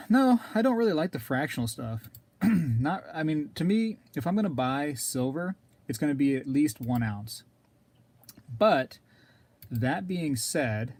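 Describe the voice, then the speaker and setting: Male live streamer, casual rambler, warm low-key voice, frequent throat clearing. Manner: rambling, talks to viewers in chat, clears throat often. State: throat scratchy, keeps coughing.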